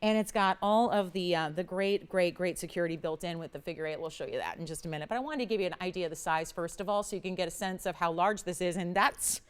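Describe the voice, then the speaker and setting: A woman hosting a live TV jewelry shopping show, giving an enthusiastic, emphatic sales pitch. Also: fast, few pauses, clean tone. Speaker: shopping channel host.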